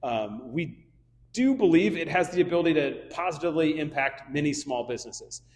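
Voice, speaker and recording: A man's voice: a little high, expressive, moderate pace, darkish tone, in a large hall. A middle-aged man from Kansas City telling a casual, anecdotal story in a speech to a luncheon audience, with frequent ums and restarts. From Kansas City area. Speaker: luncheon speaker. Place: banquet hall.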